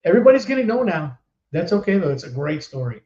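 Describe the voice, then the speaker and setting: A man hosting a casual podcast chat, telling stories in an animated way and laughing often. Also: high voice, fast talker. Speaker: podcast host. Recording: roomy, dull online stream audio.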